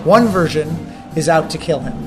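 Thoughtful, wry male film director, slightly high voice, music behind. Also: lively intonation, moderate pace. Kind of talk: interview answers.

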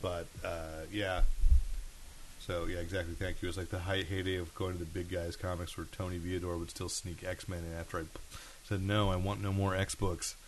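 A man's voice: low voice, little pitch movement, normal speed, slight background noise. A man co-hosting a podcast, chatting casually about comics, often stopping and restarting his sentences. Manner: rambling, self-interrupting. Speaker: podcast co-host. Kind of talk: casual chat.

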